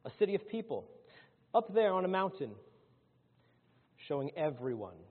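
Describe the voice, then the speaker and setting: A man preaching a sermon to his congregation, swinging between loud, rising lines and hushed ones. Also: fairly high pitch, big pitch swings, moderate pace. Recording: phone-like sound in a large hall.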